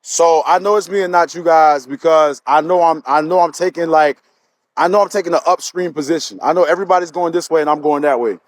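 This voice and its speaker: A man's voice: on the high side, fairly quick. A man co-hosting a casual live stream, answering viewer comments, pressing his points and repeating them. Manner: emphatic, repeats his points, frequent restarts. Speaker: livestream co-host.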